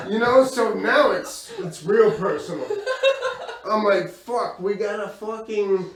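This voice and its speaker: A man doing crude stand-up storytelling, profane and animated, laughing as he goes. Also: high voice, measured pace. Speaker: stand-up comedian. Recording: echoey room from far off with crowd.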